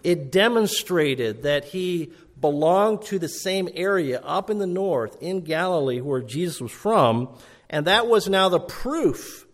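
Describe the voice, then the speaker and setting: A man's voice: sits high, expressive, a little slow. A man preaching an expository sermon in an earnest, emphatic way, rising and falling for stress.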